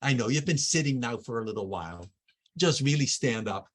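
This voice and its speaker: A man's voice: medium pitch, expressive, fairly quick. Man leading an online breathing workshop. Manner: conversational, with frequent restarts and lists. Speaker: workshop facilitator. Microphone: video call.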